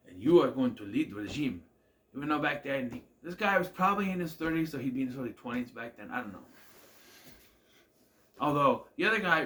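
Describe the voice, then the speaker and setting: A man talks through a TV episode in a loose, rambling recap. His voice swings up and down at a middle pitch as he muses and questions the plot. He trails off often and chuckles at the scenes. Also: a bit bright. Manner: musing, self-questioning, trails off with "I don't know"; laughs at the scenes. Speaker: TV episode reviewer.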